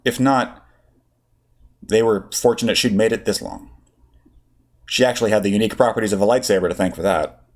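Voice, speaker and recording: A man reads a fan fiction story aloud. His voice sits a little low, and his narration is steady and expressive between the voices he puts on. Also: a little fast, pauses often. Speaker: audiobook reader.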